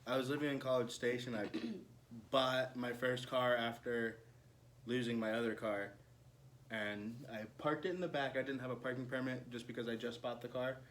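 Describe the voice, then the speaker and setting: A man's voice: mid-range voice, fairly even intonation, moderate pace, a bit bright. A man on a comedy podcast bluntly telling a crude story in a casual, swearing way. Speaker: podcast co-host. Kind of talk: casual chat.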